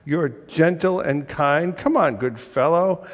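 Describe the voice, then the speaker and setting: A man's voice: on the high side, slow, long reverb tail. A man reading a storybook aloud, voicing a lazy, pushy female bird in a coaxing sing-song.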